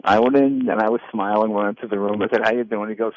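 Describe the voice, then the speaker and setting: A man in his sixties, a comedian and former talk show host, telling lively anecdotes in an interview and acting out the people in them. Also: lowish voice, fast talker, no room sound. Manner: animated anecdotes with quoted voices. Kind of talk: storytelling interview. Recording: dull lo-fi dry sound.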